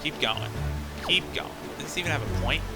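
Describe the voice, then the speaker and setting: A man's voice: fairly high pitch, lively intonation, normal speed, over loud music. A young man streaming a game, casually talking through his play with chatty, muttered asides. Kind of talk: casual live gameplay commentary.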